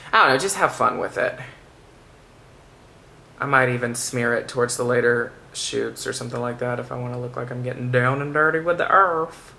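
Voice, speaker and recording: A man giving a makeup tutorial in a soft-spoken, chatty and playful way. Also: medium pitch, vocal fry. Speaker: makeup vlogger.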